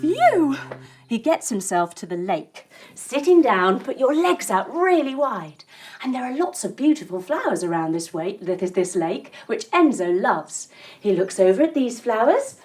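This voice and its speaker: High, lively woman guiding kids' yoga. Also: normal speed, slightly rough, faint music behind. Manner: gentle, playful, guiding movements. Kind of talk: storytelling yoga lesson for children.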